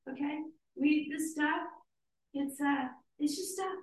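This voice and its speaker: A woman's voice: sits high, takes it slowly, a little hiss or hum. A woman leading a casual Bible study, reading scripture aloud and breaking off with eager comments. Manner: enthusiastic, reads passages aloud and breaks off to comment. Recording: roomy, distant mic.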